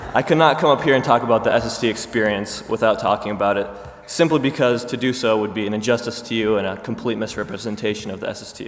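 A man in his twenties giving a speech to an audience, wry and mock-formal. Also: lowish voice. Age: 20s. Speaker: student speaker. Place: large hall before an audience. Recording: echoey hall with ambience noise.

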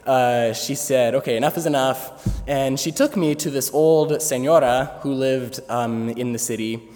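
Before an audience in a large hall, a young adult student tells a funny story, hesitating with many fillers and laughing along. His mid-range voice has a darkish tone and moves a little slowly, with the hall echoing and faint ambience behind him.

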